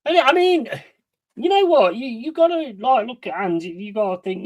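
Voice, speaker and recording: A man's voice: very high voice, animated, normal speed, no echo. Man, frustrated sweary watch-along streamer, dry close sound. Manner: heavy swearing, ranting and frustrated; banters with chat and gives shout-outs. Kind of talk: live match watch-along commentary.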